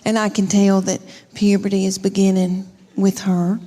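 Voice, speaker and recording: A woman's voice: mid-range voice, level tone, moderate pace, dark tone. A woman with a Southern US accent doing a folksy, exasperated stand-up story about her family. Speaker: stand-up comedian. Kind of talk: stand-up routine.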